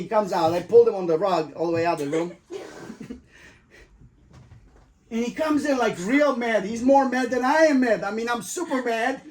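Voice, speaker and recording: A man, a father, telling his children a story in casual chat, animated and swearing often, acting out what people said. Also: extremely high pitch. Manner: animated, swears a lot, acts out quoted voices.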